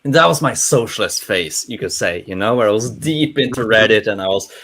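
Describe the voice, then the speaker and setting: Young man, Norwegian accent, non-native English, casual panel talk, lively and self-interrupting. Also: on the low side, a little fast. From Norway. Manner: rambling, animated, many restarts.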